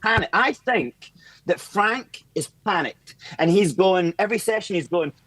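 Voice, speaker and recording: A man calling into a fan show, talking fast and animated about tactics, swearing freely and acting out what others say. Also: high-pitched, slightly rough, no room sound. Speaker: caller. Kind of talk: casual fan chat.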